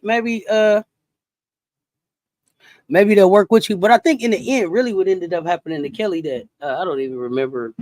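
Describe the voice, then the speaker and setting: A woman hosting a casual sports talk livestream, animated and chatty, greeting viewers and reacting to chat comments. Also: rumbling low, dry recording. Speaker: sports talk show host.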